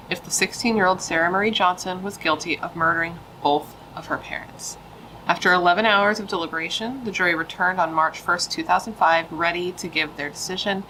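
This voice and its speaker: Woman, low bright voice, chatty true-crime host, blunt opinionated asides. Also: a little hiss or hum, rough recording. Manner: chatty and opinionated, with frequent "like" fillers. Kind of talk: casual true-crime storytelling.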